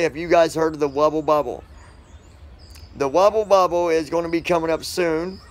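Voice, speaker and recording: Upbeat vlogger, a man with a slightly high voice who chats and jokes with viewers outdoors. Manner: chatty, joking, upbeat, talks to viewers directly. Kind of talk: casual rambling vlog. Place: outdoors on concrete.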